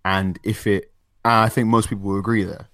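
A man co-hosting a chat show, giving measured, reasoned opinions. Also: lowish voice, little pitch movement, fairly bright tone, dry recording, clean studio sound. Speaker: podcast co-host. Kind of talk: casual chat.

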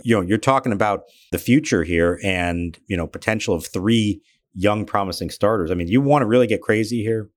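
A male podcast co-host giving casual analysis in a thoughtful, measured way. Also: lowish voice, no echo.

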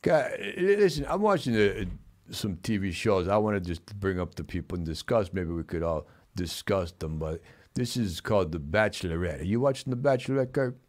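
A man hosting a comedic chat show, talking in a deadpan, mumbling way. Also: deep voice, brisk. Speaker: host.

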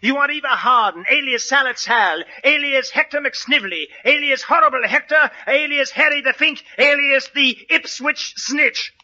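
A man's voice: very high voice, normal speed, hardly any pauses, pushed and bright, voice pushed up, full character voice. A man playing a pompous, bumbling British police inspector in a 1940s radio comedy sketch, on a muffled old broadcast recording. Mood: smug. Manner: bumbling, self-satisfied, theatrical.

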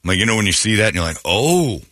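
A male talk radio host tells a long story in a sarcastic, mocking, rambling style. His voice sits a little low but has a bright, forceful edge. It is recorded dry and close on a studio microphone. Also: rapid-fire, no room sound.

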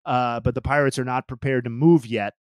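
A man's voice: medium pitch, steady tone, brisk, no echo. A man hosting a casual baseball podcast, talking through news with lots of ums and dry humor. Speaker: podcast host. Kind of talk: casual sports chat.

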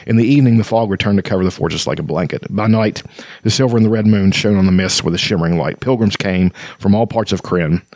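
A man reading the lines of a mysterious female elf guide from a fantasy novel, in his own low voice. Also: quick pace, a little mellow, dry recording, lightly acted. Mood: wistful. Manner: read plainly from a novel.

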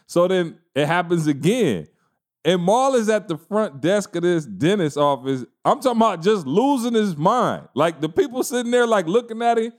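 A man co-hosting a casual podcast, telling a funny story with a lot of slang. His voice sits fairly high and swings up and down all over the place. He laughs often as he talks. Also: lively intonation, normal speed, darkish tone. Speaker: podcast co-host.

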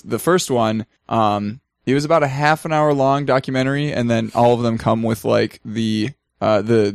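A man co-hosting a casual podcast, rambling and halting with fillers. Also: mid-range voice, smooth, no room sound, clean studio sound. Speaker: podcast co-host.

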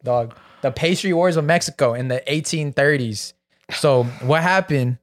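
A man's voice: on the high side, normal speed. A young man co-hosting a podcast, telling a story in loose, slangy casual chat. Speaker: podcast co-host.

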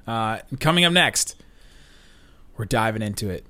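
A man's voice: fairly low pitch, lively intonation, a little slow, pushed and bright. A man co-hosting a sports podcast, talking casually and laughing between points. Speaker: podcast co-host.

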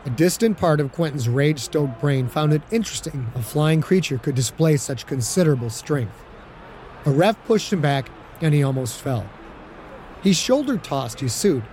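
A man narrates an audiobook with a steady storytelling delivery. His voice sits slightly higher than most men's, and a faint hum of noise lies under the recording.

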